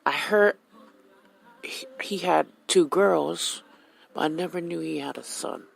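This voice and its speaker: Woman from hawaii telling her story, raw and emotional, kinda gravelly voice. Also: low-pitched, takes it slowly, faint music behind, low-quality recording. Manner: candid, emotional, retells conversations. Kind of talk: personal storytelling on radio.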